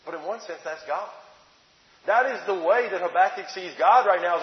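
Male preacher, high pitched, dramatic, muffled roomy church sound. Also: moderate pace. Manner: dramatic scripture reading, rhetorical questions. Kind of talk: sermon. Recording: dull echoey hall recording.

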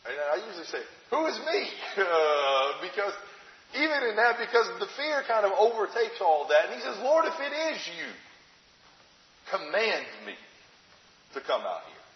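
A man's voice: sits high, big pitch swings, moderate pace. A man preaching a sermon in a conversational way, asking rhetorical questions and acting out the story as he retells it. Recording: echoey hall, dull lo-fi sound.

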